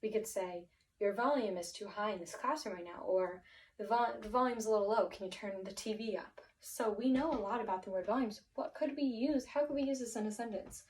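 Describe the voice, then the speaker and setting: A woman's voice: medium pitch, fairly quick, darkish tone, far from the mic, slight background noise, low-quality recording. A woman teaching a vocabulary lesson, encouraging and thinking aloud with many fillers and restarts.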